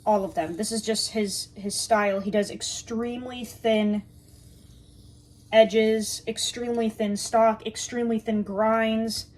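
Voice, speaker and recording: A woman's voice: fairly high pitch, fairly even intonation, measured pace, darkish tone. A woman reviewing a knife in a casual, chatty way, joking and talking straight to her viewers while she sharpens at her workbench.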